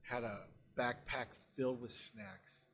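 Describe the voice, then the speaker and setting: A man co-hosting a podcast about security work, chatting casually and telling lively stories, swearing freely. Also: medium pitch, slow. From United States. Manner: excitable storyteller, swears freely. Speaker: podcast co-host, security supervisor. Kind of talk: casual chat.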